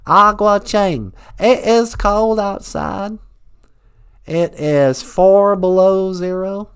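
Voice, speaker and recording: A man's voice: sits high, drawn-out words, smooth, full character voice. A man voicing a chirpy Southern woman who speaks Ojibwe, with a thick Southern drawl and a folksy, awkward manner. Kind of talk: comic character bit on a livestream.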